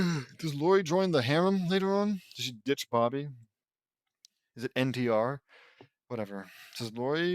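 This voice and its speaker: A man's voice: mid-range voice, animated, moderate pace, no echo, studio quality. A man reading fan fiction aloud, breaking off for sarcastic, complaining asides. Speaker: audiobook reader.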